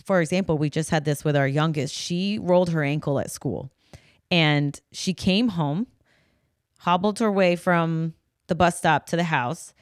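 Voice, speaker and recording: A woman's voice: low voice, unhurried, dry recording, studio quality. A middle-aged woman co-hosting a podcast, chatting casually and acting out the voices in her stories. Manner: animated storytelling, acts out quoted voices. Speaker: podcast co-host. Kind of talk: casual chat.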